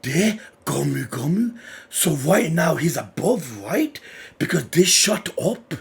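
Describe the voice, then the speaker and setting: A man giving live reaction commentary while reading a manga chapter, swinging between loud excited shouting and low muttered reading-along. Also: slow pace, creaky.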